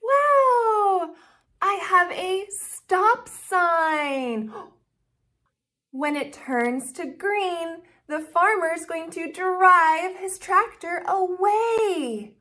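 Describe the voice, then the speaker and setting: Very high, slow sing-song toddler teacher woman. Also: animated, sharp tone. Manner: exaggerated, encouraging, drawn-out words. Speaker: children's educational video host.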